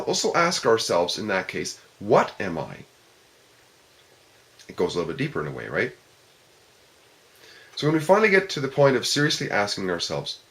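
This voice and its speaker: A man with a low voice talks through a philosophical question before a small discussion group. He works through each idea step by step and asks his listeners questions along the way. His pitch rises and falls widely as he explains. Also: fairly bright tone. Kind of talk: informal philosophical talk.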